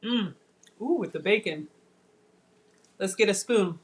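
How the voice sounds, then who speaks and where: A woman's voice: medium pitch, expressive, a little slow. A woman chatting casually to viewers while tasting food on a live cooking stream. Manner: chatty, addresses viewers as y'all, savoring food. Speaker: cooking vlogger.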